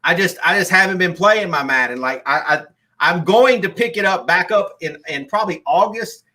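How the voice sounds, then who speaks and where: Bright-voiced rambling streamer man. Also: high voice, lively intonation, moderate pace. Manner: rambling, with frequent restarts and "like". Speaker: streamer hosting a live call-in. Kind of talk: casual live-stream chat.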